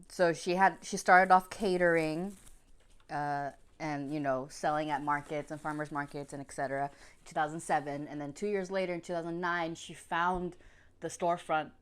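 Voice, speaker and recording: A young woman with a fairly low voice reviews food on camera in an easy, chatty way. She gushes over each bite and laughs as she goes, like a friendly food vlogger. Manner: chatty and effusive, laughing between bites. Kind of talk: casual mukbang food review.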